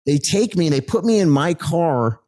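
A middle-aged man telling his life story as a guest in an animated, excited way, acting out the people he met. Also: on the high side, normal speed.

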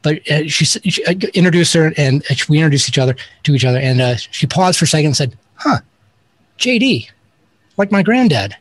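A man's voice: fairly high pitch, fairly even intonation, fast talker, few pauses. A man talking as an interview guest, telling rambling, self-deprecating stories with many restarts. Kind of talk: casual interview storytelling.

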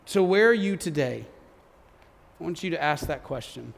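A man's voice: fairly high pitch, animated, moderate pace, creaky, long reverb tail, a little hiss or hum. A man preaching a sermon as pastor, earnest and often repeating words as he builds his points.

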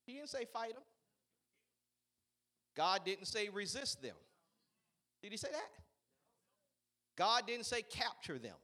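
High, bright-voiced preaching man. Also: big pitch swings, slow, long pauses. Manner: swings from shouted preaching to low conversational asides. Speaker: pastor. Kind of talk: sermon.

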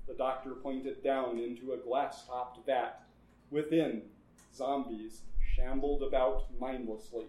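A man's voice: mid-range voice, steady tone, takes it slowly, dark tone. Man reading a story in an echoey room. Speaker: narrator.

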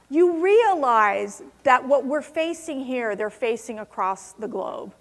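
A woman's voice: sits high, lively intonation, unhurried, a bit bright. A woman giving a passionate speech to a conference audience, stressing words hard. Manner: passionate, emphatic, rising to strong stresses. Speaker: conference speaker. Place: large convention hall. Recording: long hall reverb.

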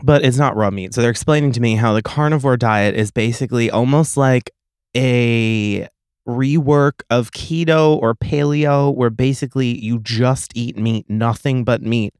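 A young man hosting a solo comedy podcast, telling stories in a profane, sarcastic, animated way. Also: medium pitch, moderate pace, smooth, no echo, clean studio sound. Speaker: podcast host.

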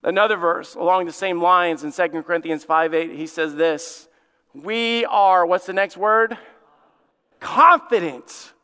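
A male pastor delivering a sermon with emphatic repetition and dramatic pauses. His voice is bright and smooth. The sound carries a long reverb from a church sanctuary. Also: high voice. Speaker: lead pastor.

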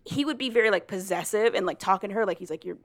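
A woman talks loosely and animatedly in a casual podcast chat, her sentences packed with "like" and broken up by laughs. Her voice sits at an ordinary middle pitch. The sound is close and dry, with no room around it. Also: very fast, no room sound. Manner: animated, laughs often, full of "like". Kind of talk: casual chat retelling a story.

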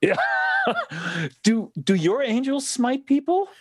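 A man telling a personal story in casual chat, animated, laughing often and restarting his sentences. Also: very high-pitched, slow pace, husky, dry recording.

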